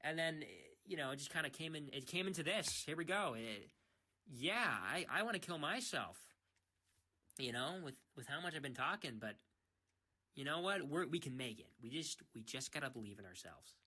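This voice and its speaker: A man's voice: a little high, lively intonation, normal speed, bright, forceful tone, slightly rough. A young man from the United States, rambling in a self-mocking, teasing way, talking late at night into his phone microphone. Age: young adult. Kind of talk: casual rambling monologue.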